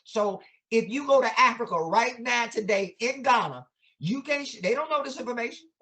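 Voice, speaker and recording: A man's voice: extremely high pitch, animated, normal speed, bright, forceful tone. A man, an educator, speaking in an impassioned, preacher-like way, asking many rhetorical questions and using casual vernacular grammar. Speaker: educator guest. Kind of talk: impassioned conversational teaching.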